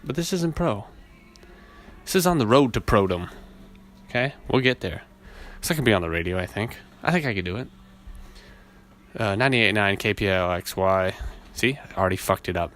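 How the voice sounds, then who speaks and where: A man with a naturally low voice hosting a casual solo podcast, rambling and laid-back, swearing often. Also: lively intonation, a little fast, fairly bright tone, faint music behind. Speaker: podcast host. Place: outdoors in a city, weed whacker nearby.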